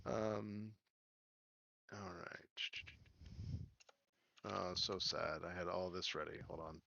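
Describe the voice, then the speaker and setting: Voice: low-pitched, steady tone, slow pace, gravelly, sharp tone, no echo, dull audio. A game master narrating a tabletop game in a rambling, filler-heavy way.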